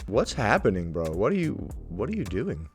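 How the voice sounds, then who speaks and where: A man doing comic reaction commentary. His voice is lively and animated, swinging up and down in pitch, and he talks in a mocking, irreverent way with plenty of swearing. Faint music plays behind him. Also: moderate pace. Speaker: reaction video host.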